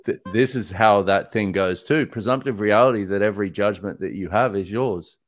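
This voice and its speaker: A man's voice: on the low side, normal speed. A man speaking as a guest in a casual conversation, reflective and thoughtful.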